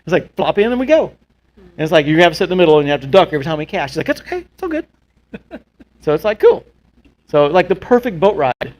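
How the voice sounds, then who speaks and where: A man's voice: on the high side, lively intonation, a little mellow, muffled recording. Chatty man telling fishing stories. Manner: storytelling, jokey, quick asides. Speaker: podcast host. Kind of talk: casual chat.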